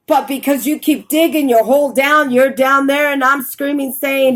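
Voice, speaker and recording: A woman preaches with urgent, repetitive warnings, her voice sitting fairly high. She reads and explains scripture to her listeners. A faint hiss sits behind her. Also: steady tone, moderate pace, few pauses, fairly bright tone, rough recording. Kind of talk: preaching a Bible reading.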